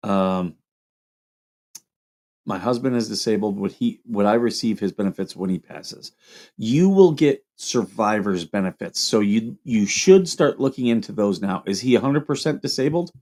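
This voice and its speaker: A man's voice: fairly low pitch, expressive, normal speed, darkish tone. A man hosting a casual livestream, reading viewer questions aloud and answering them in a loose, rambling way.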